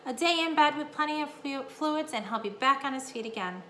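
Casting: a woman voicing a caring, anxious mom, bright and quick. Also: high-pitched, expressive, pitched above the performer's own voice. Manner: anxious, fussing questions. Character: anxious human mother caring for sick son. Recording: echoey room, faint hum.

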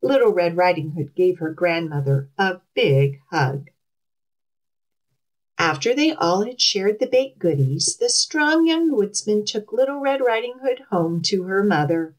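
A woman librarian reads a fairy tale aloud to children in an outdoor garden. Her voice swoops up and down with a storyteller's lilt, and she takes her time, speaking slowly and clearly. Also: medium pitch, poor audio. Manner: expressive, animated, storyteller's lilt.

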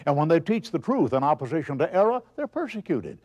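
A man's voice: a little high, very animated, fast talker, darkish tone. A man preaching a broadcast sermon, asking rhetorical questions and answering them himself with emphasis.

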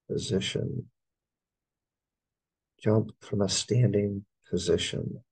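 A man's voice: on the low side, slow, vocal fry, pauses often, slightly rough, poor audio. A middle-aged American man, an English teacher, going through test answers and spelling words out letter by letter. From United States.

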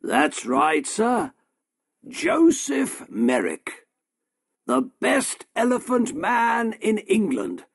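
A man's voice: very high-pitched, wildly swooping pitch, very slow, vocal fry, husky, pitched above the performer's own voice, heavily acted. A man voicing a pushy, fawning male showman shopkeeper in an eager, salesy way.

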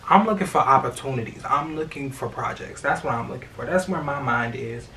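Expressive young man chatting off-mic. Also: mid-range voice, a little fast, distant mic, background noise. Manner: expressive, swears freely, many fillers. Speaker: vlogger. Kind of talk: casual storytime chat.

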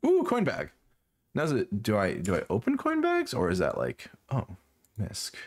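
A tired man chats casually with his stream while playing a fishing game, yawning and making puns to himself. His voice sits on the low side and swings hugely in pitch, at a normal speed.

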